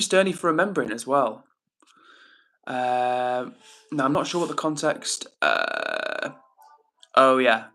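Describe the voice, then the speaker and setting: A man's voice: mid-range voice, bright, forceful tone. A young man hosting a livestream, chatting casually and reading viewer comments aloud. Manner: chatty, upbeat, reads chat messages aloud. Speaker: livestream host.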